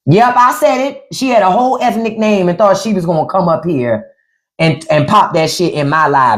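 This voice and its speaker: Addressing her viewers in off-the-cuff livestream commentary, a woman speaks expressively at moderate speed in a mid-range voice. She curses freely, says things more than once for emphasis, and slides into sarcasm.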